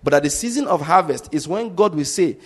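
A man's voice: a little high, animated, a little fast, husky. A male pastor teaching a sermon, emphatic and repetitive, explaining his points step by step.

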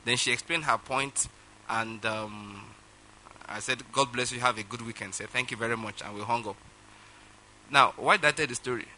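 Man, pastor preaching, very bright forceful voice, animated storytelling. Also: medium pitch, normal speed, a little hiss or hum, low-quality recording. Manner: animated storytelling, acts out phone calls, laughs often. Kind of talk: sermon with personal story.

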